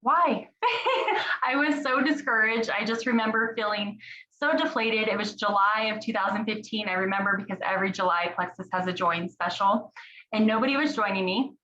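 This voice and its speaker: A woman's voice: medium pitch, bright, forceful tone, a little hiss or hum. A woman in her thirties giving an earnest, chatty motivational talk to her team, often saying "you guys" and "y'all". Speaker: team leader sharing her story. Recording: dull lo-fi recording.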